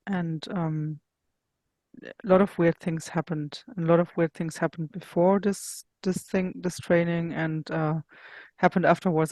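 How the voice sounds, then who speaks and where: A woman speaking as an interview guest, recounting her own experiences in a plain, earnest way. She searches for her words and pauses often as she goes. The recording is dry and close, with almost no room sound. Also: on the low side, no echo. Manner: searching, personal storytelling with frequent pauses. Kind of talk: casual interview storytelling.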